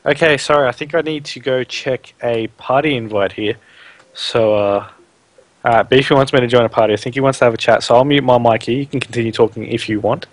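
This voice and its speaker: Relaxed man hosting a live stream. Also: medium pitch, fairly quick, no echo. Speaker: stream host. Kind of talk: casual stream chat.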